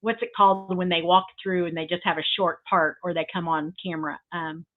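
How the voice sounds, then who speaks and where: A woman's voice: fairly low pitch, fairly even intonation, brisk. An older woman joins a craft livestream as co-host, gushing and rambling with lots of ums. Her voice comes through a thin, tinny remote line that sounds like a phone. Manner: gushing, rambling, many fillers. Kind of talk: casual chat.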